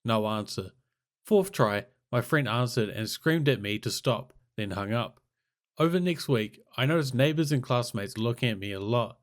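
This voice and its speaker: A man narrating a crude comic story in terse, deadpan, clipped fragments, reading from a script. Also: medium pitch, moderate pace.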